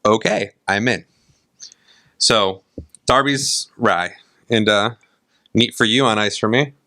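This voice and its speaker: A man co-hosting a casual podcast chat over whiskey, an animated storyteller who acts out the exchanges he recounts. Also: on the low side, takes it slowly, dry recording, studio quality. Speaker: podcast co-host. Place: indoor studio set, on camera.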